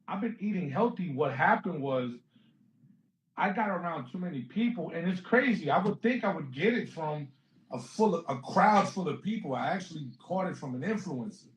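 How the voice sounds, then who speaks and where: Animated storytelling man in an echoey room. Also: fairly high pitch, moderate pace. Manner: animated storyteller, acts out quotes, laughs often. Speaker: guest comedian. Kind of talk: casual interview chat.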